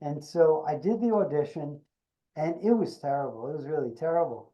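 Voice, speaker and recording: An older man, an actor being interviewed, tells an anecdote with animated delivery and acts out the dialogue. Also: on the high side, normal speed, dull audio. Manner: animated storyteller acting out quoted dialogue. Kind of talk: storytelling anecdote.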